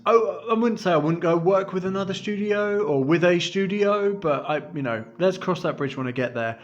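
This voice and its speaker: A man's voice: a little high, normal speed, hardly any pauses, highs cut off, faint music behind. A middle-aged man from the UK chatting casually to camera as a vlogger, self-deprecating and laughing often.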